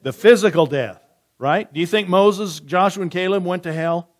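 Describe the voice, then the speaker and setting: Conversational pastor preaching to a congregation. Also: male voice, sits high. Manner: conversational, asks the room questions and answers back; reads scripture slowly and softly. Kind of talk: sermon with Bible reading and questions to the congregation.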